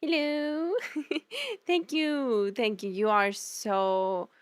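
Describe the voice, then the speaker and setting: A young woman with a bright, high voice chats live with her stream audience, bubbly and effusive, laughing easily. The sound is dry and close, with no room echo. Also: very slow. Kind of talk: live game stream chat.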